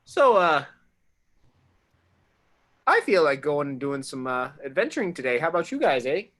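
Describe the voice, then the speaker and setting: A man's voice: on the high side, very animated, normal speed, a bit bright. A man voicing a breezy upbeat adventurer.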